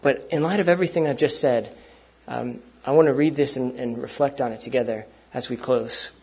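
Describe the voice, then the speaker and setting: A man's voice: medium pitch, fairly quick, a little mellow, breathy edge. A man preaching a sermon to a gathered congregation in an earnest, conversational way.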